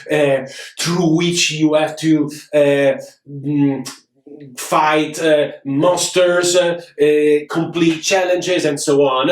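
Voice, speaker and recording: A man, hosting a casual board game review, talking in an animated way with many fillers and restarts. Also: on the high side. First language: Italian. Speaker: board game show host. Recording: roomy, from a distance.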